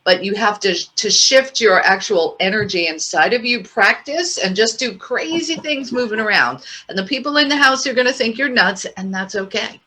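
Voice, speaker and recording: An energetic woman co-hosting an online training gives encouraging advice. Her voice is bright and forceful, with a middle pitch. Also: normal speed, hardly any pauses.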